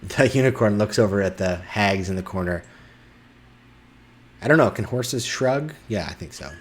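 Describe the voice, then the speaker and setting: Male game master, lowish voice, halting tabletop narration. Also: expressive. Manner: halting, many fillers and restarts.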